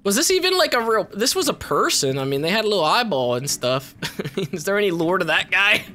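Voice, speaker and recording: A man giving loud, profane let's play commentary, reacting to the game with excited yelling. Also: high voice, brisk, slight background noise. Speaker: gaming YouTuber. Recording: game music behind voice.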